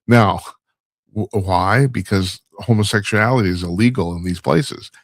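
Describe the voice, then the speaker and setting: Low-voiced wry talk show host. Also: male voice, normal speed, dry recording. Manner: rambling, wry, laughs at own stumbles. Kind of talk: casual monologue commentary.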